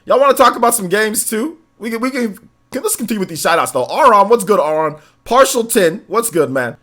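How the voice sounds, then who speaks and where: A man's voice: sits high, lively intonation, brisk, fairly bright tone. A young man hosting a livestream in casual chat, reading donations with laid-back slangy banter and frequent laughter. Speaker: livestream host.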